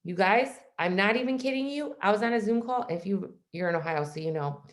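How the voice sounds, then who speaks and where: A woman's voice: mid-range voice, fairly quick. A young woman from Michigan, a guest speaker on a video call, telling her story in a casual, chatty way and saying "like" constantly. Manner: chatty, says "like" constantly, acts out quoted voices.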